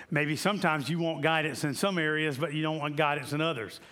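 A man preaching a sermon to a church congregation in a conversational way, repeating key lines and slowing down for emphasis. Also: a little high, steady tone, fairly bright tone. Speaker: pastor.

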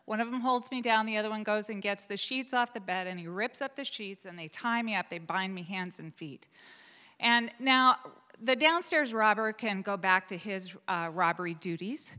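A woman from Portland, Oregon, telling a personal story live on stage in a lively, animated way, full of fillers and restarts. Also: medium pitch, moderate pace. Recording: long hall reverb.

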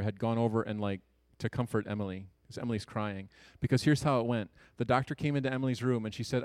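On a dry recording, an earnest man from Ohio speaks at medium pitch, recounting a personal story to an audience. His delivery is conversational, broken up by quick jokes and whispered asides.

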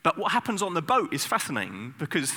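A man preaching a sermon, telling the story with lively bursts of acted shouting. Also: a little high, fast. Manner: animated storytelling, sudden loud acted outbursts. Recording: long hall reverb.

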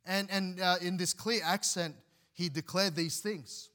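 A man's voice: high-pitched, fairly even intonation, measured pace, sharp tone. A man preaching a sermon as pastor, earnest, often restarting and repeating words as he explains scripture.

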